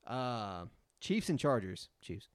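A man co-hosting a casual sports podcast, relaxed and goofy, bantering about game picks. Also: medium pitch, slow, dry recording. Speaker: podcast co-host.

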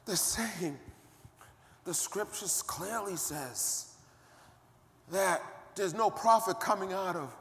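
An older man preaching a sermon in a high, bright voice. He speaks slowly, calls out to his congregation and builds to shouting. The sound rings out with the long reverb of a big hall. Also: gravelly.

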